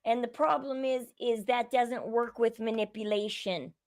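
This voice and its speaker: Woman, high voice, slow delivery, indignant opinionated commentary, repeats herself, show host. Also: darkish tone, no room sound.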